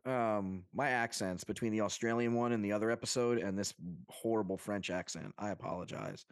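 A man's voice: lowish voice, brisk, dry recording, studio quality. A young man from Long Island co-hosting a casual podcast chat, talking animatedly, swearing and joking. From Long Island, New York. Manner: animated, swearing, jokey with fake accents. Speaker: podcast co-host.

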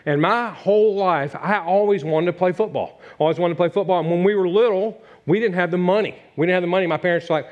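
A middle-aged man from Virginia gives a folksy, conversational sermon, repeating his phrases and chatting with his congregation. His voice sits somewhat high for a man. The recording sounds a little dull and lo-fi. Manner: repetitive, conversational preaching with asides to the congregation. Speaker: pastor.

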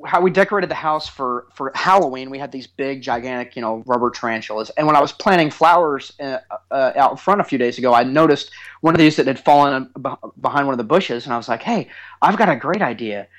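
A man's voice: mid-range voice, animated, a little fast, a bit bright. A man in his thirties, a podcast co-host telling a funny story in casual chat, teasing his co-host.

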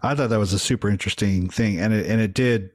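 A man with a notably deep voice chats casually as a podcast co-host. He rambles a bit, leaning on fillers as he thinks aloud. The sound is dry and close, with no room around it. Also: quick pace, no echo. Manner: relaxed, rambling, hedging with fillers. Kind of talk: casual wrestling chat.

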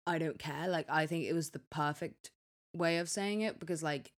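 A woman's voice: low-pitched, moderate pace. A young woman co-hosting a podcast, telling a story in casual chat with many restarts and acted-out quotes. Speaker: podcast co-host.

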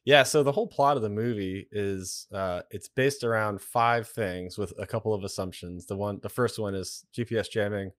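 A man's voice: fairly low pitch, moderate pace, few pauses, no room sound, clean studio sound. A man in his forties, a retired military aviator, talking as a guest on a podcast in a wry, blunt, explanatory way. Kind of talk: casual podcast conversation.

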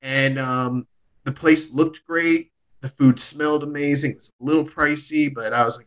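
A man's voice: a little high, fairly even intonation, moderate pace, fairly bright tone, rough recording. A man, hosting a podcast and casually telling a long, rambling story with plenty of swearing. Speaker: podcast host.

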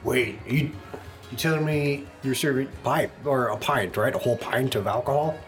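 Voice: medium pitch, normal speed, faint music behind. Player in an echoey room. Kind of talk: casual tabletop play.

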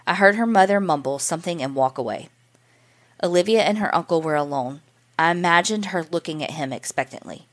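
A woman tells a first-person story as a teacher, reading in an earnest and emotional way. Her voice sits on the lower side for a woman. It is a scripted narration. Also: animated, brisk.

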